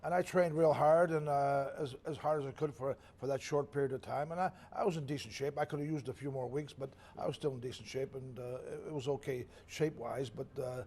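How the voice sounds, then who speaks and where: Fast-talking older man telling fight stories. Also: medium pitch, fairly even intonation, a little mellow, a little hiss or hum. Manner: rambling, self-correcting, chuckles at own stories. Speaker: retired boxer, interview guest. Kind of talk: casual storytelling interview.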